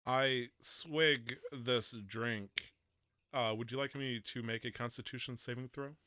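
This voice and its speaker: A man playing a tabletop role-playing game, describing his character's actions in a playful, animated way. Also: mid-range voice, a little slow, no echo, studio quality. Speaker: player.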